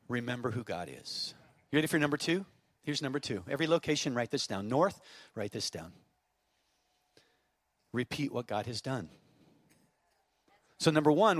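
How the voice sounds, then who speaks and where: A man in his fifties, a pastor preaching a sermon, telling a story and then building to fervent shouted exhortation. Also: medium pitch, no echo. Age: 50s. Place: church auditorium.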